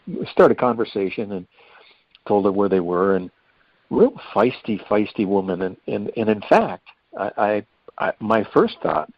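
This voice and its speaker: A man's voice: fairly low pitch, dry recording. An older man, a guest in an interview, telling a rambling, folksy story. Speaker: hospice volunteer guest. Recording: dull lo-fi dry recording.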